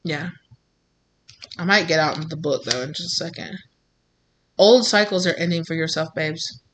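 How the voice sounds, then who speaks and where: A woman's voice: sits low, normal speed, fairly bright tone, slight background noise. Encouraging woman doing a tarot reading. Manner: encouraging, repetitive, informal. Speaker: tarot reader.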